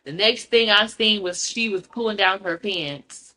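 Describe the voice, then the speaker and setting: A woman's voice: medium pitch, measured pace. A woman hosting a podcast in casual chat, blunt, profane and outspoken, telling stories with animation. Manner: animated storyteller. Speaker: podcast host.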